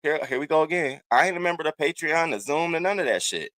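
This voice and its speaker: Animated profane man hosting a livestream. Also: a little high, fast talker, no echo. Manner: animated, profane, shouting out chat names. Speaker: livestream host. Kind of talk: casual livestream chat.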